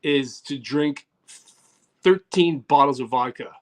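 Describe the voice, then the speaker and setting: A man's voice: medium pitch, slow pace. A man telling rambling comic stories on a podcast, joking and acting out bits of dialogue. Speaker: comedy podcast co-host. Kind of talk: casual comedic storytelling.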